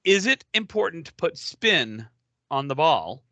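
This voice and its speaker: A man's voice: fairly high pitch, very animated, a little slow, bright, forceful tone, no echo. A man co-hosting a podcast, bantering casually in an exasperated, joking way. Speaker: podcast co-host.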